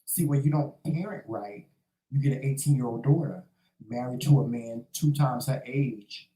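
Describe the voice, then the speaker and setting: Talking to his live chat in a casual monologue, a livestream talk-show host gets sassy, preachy and profane, dubbing listeners "child" and "honey." He has a warm, mid-range voice at normal speed, caught on a low-quality recording in an echoey space.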